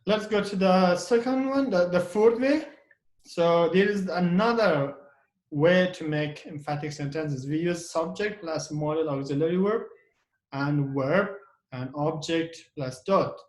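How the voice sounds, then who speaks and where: A man teaching an English grammar lesson to a class. His voice sits a little high for a man, and he repeats example sentences slowly with heavy stress, often restarting mid-phrase. The room around him is echoey.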